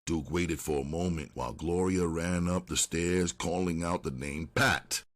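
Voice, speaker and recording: A man narrating an audiobook in a steady, unhurried storytelling manner. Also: low-pitched.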